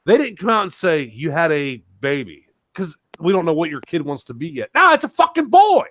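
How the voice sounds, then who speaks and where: A man's voice: fairly high pitch, animated, brisk, fairly bright tone, no echo. A man hosting a talk show, ranting heatedly in casual talk, swearing and raising his voice when angry. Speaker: show host.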